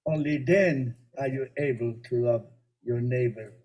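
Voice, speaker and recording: A man with a mellow, dark voice teaches as a rabbi. He explains ideas patiently and tells little stories with gentle humor. His talk has the easy rhythm of a spiritual lesson. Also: mid-range voice, measured pace, highs cut off.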